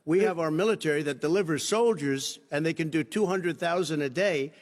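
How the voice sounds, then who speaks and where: A man's voice: on the high side, a little fast. Combative American man in a reverberant hall. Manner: combative, keeps interrupting. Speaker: debate candidate. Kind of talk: heated televised debate. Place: large debate hall.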